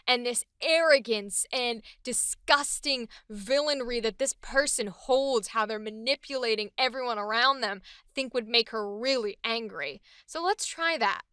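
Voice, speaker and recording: A woman's voice: a little high, a little slow, bright, forceful tone, clean tone, no echo, clean studio sound. A woman voice actress chatting enthusiastically about a character she is voicing. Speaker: voice actress hosting a character series. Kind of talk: casual chat.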